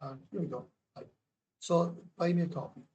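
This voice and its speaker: A Welsh man chats casually to his livestream viewers, blunt and cheerful, swearing without a second thought. His voice sits a little high for a man and has a husky edge. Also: fairly even intonation, normal speed, a little mellow, lo-fi sound. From Wales. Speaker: livestream host. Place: home in Thailand.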